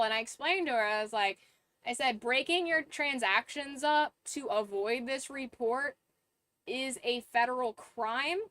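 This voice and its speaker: A woman's voice: high-pitched, unhurried, sharp tone, dry recording. A young woman streamer telling a story in casual chat, laughing often and swearing now and then.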